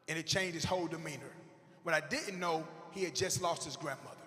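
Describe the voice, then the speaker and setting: A man in his forties giving an animated, comedic motivational speech to teachers, shouting punchlines and acting out characters. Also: fairly high pitch, a little fast, soft background music. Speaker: motivational speaker. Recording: long echo of a big hall.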